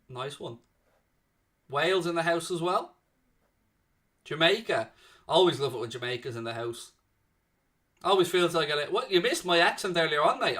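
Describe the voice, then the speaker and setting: A young man hosting a live fan watchalong, calling the play and chatting with viewers in between. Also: a little high. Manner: chatty, excitable play-by-play, reads chat messages aloud. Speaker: watchalong commentary host. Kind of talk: live fan commentary and chat reading.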